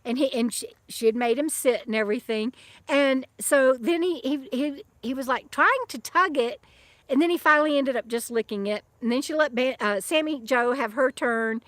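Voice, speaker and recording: A woman's voice: high-pitched, normal speed, a bit bright, no echo. A middle-aged woman vlogging from her van campsite, chatting loosely with viewers, often restarting her sentences and breaking off to fuss over her dog. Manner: rambling and chatty, with many restarts and fond asides to her dog. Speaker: vlogger and author living in a van. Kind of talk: casual livestream chat reading viewer comments.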